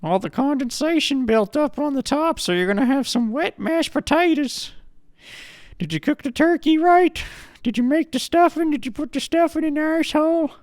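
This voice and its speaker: A man voicing a bossy, judgmental old grandmother who nags and swears in a high, squawking voice. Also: a little mellow, no echo, studio quality.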